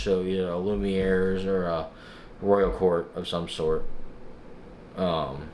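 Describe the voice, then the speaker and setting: A young man casually vlogging, recounting a frustrating experience in an exasperated, animated way and acting out other people's lines. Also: deep voice, slight background noise. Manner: exasperated, animated storytelling with quoted dialogue. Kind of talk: casual vlog recap.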